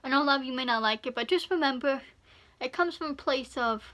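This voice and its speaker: A woman talks through a casual reaction video in a bright, slightly high voice. She rambles and circles back, filling her sentences with "like" and "you know" as she explains herself to her viewers. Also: quick pace. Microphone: phone camera.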